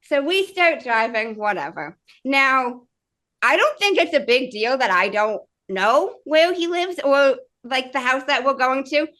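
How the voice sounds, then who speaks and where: A woman guest on a podcast, telling a dating story in a casual, animated way with plenty of swearing. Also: high voice, a little slow. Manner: animated, profane, acts out dialogue.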